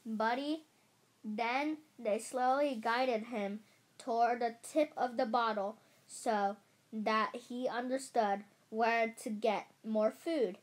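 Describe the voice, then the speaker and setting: Slow, halting woman reading a storybook. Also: fairly high pitch, steady tone. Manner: halting, self-correcting reading. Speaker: storybook reader. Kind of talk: reading a children's book aloud.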